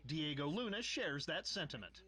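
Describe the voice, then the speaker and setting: A man's voice: on the high side, sing-song, normal speed, sharp tone. A man narrating a scripted entertainment news report in a polished, punchy broadcast delivery.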